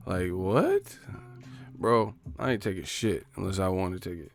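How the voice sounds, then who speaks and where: A man's voice: low voice, normal speed, soft background music. A man hosting a live boxing talk stream in a casual, profane, riffing style, telling stories animatedly.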